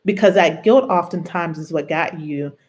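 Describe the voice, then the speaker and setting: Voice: mid-range voice, moderate pace, a little mellow. Earnest, reflective self-help show host. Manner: earnest and reflective, draws on own experience; conversational, often checks in with the listener. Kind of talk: personal advice talk on abuse and trauma bonds.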